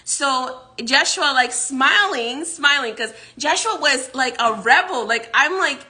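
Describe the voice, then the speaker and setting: A woman's voice: high voice, animated, slow pace, pushed and bright. A woman vlogger casually recounting a dream, rambling with many restarts and frequent laughs. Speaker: psychic vlogger. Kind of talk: casual storytelling.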